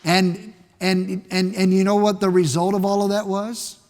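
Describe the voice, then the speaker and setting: A man's voice: high voice, level tone, moderate pace, darkish tone. A man preaching a sermon in a church, emphatic, often repeating words and asking the congregation questions. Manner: emphatic, repeats words while building a point; asks the congregation rhetorical questions. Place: church sanctuary. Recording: long church hall reverb.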